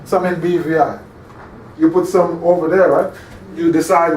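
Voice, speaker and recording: A man's voice: on the high side, fairly even intonation, moderate pace, darkish tone. A male instructor giving an interactive classroom lecture, often quizzing his listeners and checking that they follow. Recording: echoey room, distant mic, faint hum.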